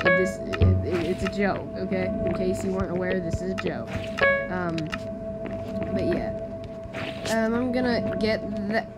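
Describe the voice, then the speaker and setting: A woman giving chatty, excitable commentary while playing a video game, often breaking off mid-sentence. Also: on the high side. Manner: chatty, excitable, self-interrupting. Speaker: gamer, channel host. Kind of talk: casual gaming commentary. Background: loud game music.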